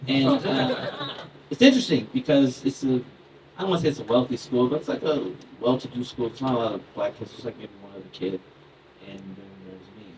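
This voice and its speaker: He's a man in his thirties on a comedy club stage, loose and chatty, laughing through his lines and engaging the audience. His medium-pitched voice has lively intonation and runs a little fast. The mic sits distant in the noisy club.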